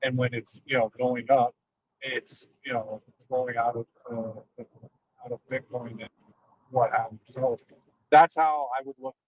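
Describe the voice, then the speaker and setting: A male caller who talks in a hesitant monotone, full of fillers. His voice is of ordinary pitch. The call audio is muffled, with faint background noise. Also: unhurried. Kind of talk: casual call-in chat.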